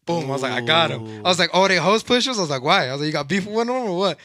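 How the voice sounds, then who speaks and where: Fast-talking young man telling a wild story. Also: fairly high pitch, lively intonation, bright, forceful tone. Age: young adult. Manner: rambling, profane, laughs through his story. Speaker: podcast guest storyteller. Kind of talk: casual storytelling chat.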